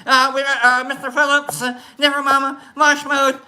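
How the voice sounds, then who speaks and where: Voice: sits high, level tone, normal speed, pushed and bright, low-quality recording. A livestream host chatting casually and greeting viewers by name, rambling and playful, with many fillers and restarts. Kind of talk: casual chat reading viewer comments.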